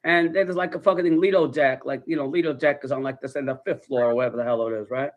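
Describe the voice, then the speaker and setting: A man with a New York accent telling a long, rambling story in a relaxed ASMR style, casually swearing and often checking in with "right?". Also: mid-range voice, fast talker, narrow, tinny audio. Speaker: storyteller in a played video.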